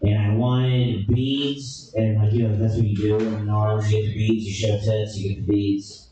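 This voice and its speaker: A young man telling a crude, animated comedy story, now and then breaking into shouted bursts. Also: lowish voice, normal speed, distant mic, faint music behind. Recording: echoey room, from off mic.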